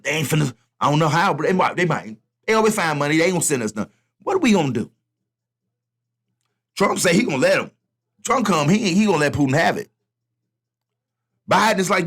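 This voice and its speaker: Man, fairly high voice, lively swooping pitch, casual rant, repeats himself, talks to viewers. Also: a little fast, pauses often, husky. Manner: animated, repetitive, talks straight to viewers. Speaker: vlogger commenting on politics.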